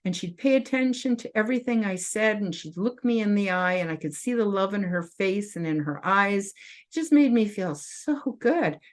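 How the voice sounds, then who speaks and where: A tearful woman in her fifties hosts her own show and tells a personal story straight to camera. She speaks earnestly and with open emotion, often pausing and restarting. Her voice sits in a middle pitch. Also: lively intonation. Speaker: host.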